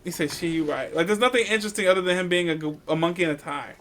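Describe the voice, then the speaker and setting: A man co-hosting a podcast, blunt and opinionated, his lines often fading out at the end. His voice is fairly high, with faint noise behind it. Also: very fast. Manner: blunt, opinionated, trailing off quietly. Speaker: podcast co-host. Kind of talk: casual chat.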